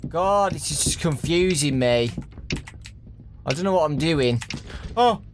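A young man commentates his way through a horror game, his voice swinging widely in pitch as he mutters nervously to his viewers. He talks in an unhurried way, and a faint hiss sits under the recording. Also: expressive. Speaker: gaming YouTuber.

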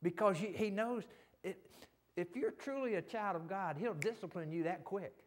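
Southern pastor, male, fairly high voice, folksy fervent sermon delivery in church. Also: normal speed. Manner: fervent, folksy, peppered with hallelujahs. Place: church sanctuary.

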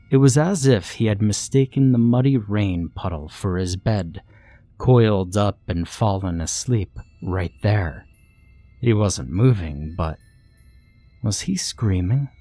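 A man reading a horror story aloud in a measured storytelling manner, as the channel's narrator. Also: fairly low pitch, dark tone, dry recording. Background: faint background music.

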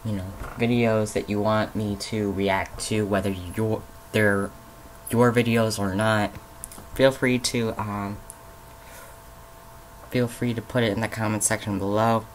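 A man casually commenting on a video he is reacting to, with pauses, restarts and fillers. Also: on the low side, fairly even intonation, a little hiss or hum, low-quality recording. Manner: hesitant, with many fillers and restarts.

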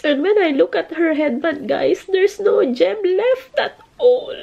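A woman in her thirties vlogging casually to her viewers, halting and emotional, close to tears. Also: very high voice, animated, creaky, dark tone, highs cut off. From United Kingdom. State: crying. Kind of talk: casual family vlog.

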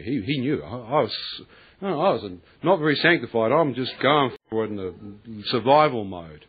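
Male preacher, husky voice on a tinny recording, tells his story with lively acted-out dialogue. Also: medium pitch, moderate pace. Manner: animated storyteller, acts out voices, laughs often, colloquial. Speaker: preacher giving testimony. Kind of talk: testimony sermon.

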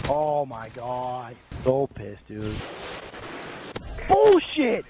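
A man's voice: sits high, wildly swooping pitch, slow pace, poor audio. Yelping exasperated gamer man. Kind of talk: game voice chat.

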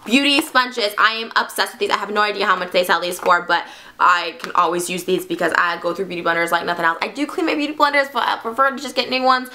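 A young woman vlogging an unboxing in a bubbly, excitable, gushing way. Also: mid-range voice, fast talker. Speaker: beauty vlogger. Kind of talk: casual unboxing vlog.

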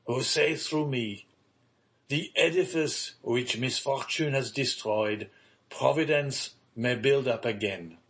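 A man voicing an aging, ruined father who speaks slowly and gravely in an audiobook reading. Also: medium pitch, lightly acted. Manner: slow, grave, measured pleading.

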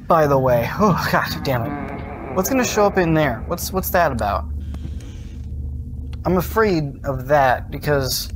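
A young man streams a horror game, rambling to his chat between jumpy, cursing outbursts. His pitch leaps around a lot while his talk stays unhurried. A faint hiss of background noise runs under it. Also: big pitch swings. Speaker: gaming streamer. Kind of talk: casual livestream commentary.

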